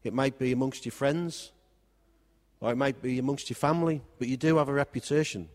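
Man preaching in a big echoey hall, regular pitch, wry, repeats himself a lot. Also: a little fast. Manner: wry and conversational, with repeated phrases. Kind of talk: sermon. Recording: long hall reverb.

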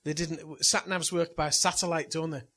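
A middle-aged pastor delivers a sermon built around a personal anecdote, speaking at a moderate pace in a loose, conversational style and laughing at his own tales. His voice is slightly high, with a husky, somewhat rough texture.

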